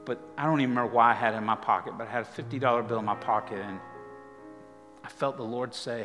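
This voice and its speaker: A male pastor preaches in a live church hall, his voice carrying a long reverb tail. Music plays softly underneath as he tells his story. He talks casually, rising into animated bursts and dropping to near whispers. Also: mid-range voice, fast talker. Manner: conversational, animated storytelling with dramatic drops to quiet. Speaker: guest pastor. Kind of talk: storytelling sermon.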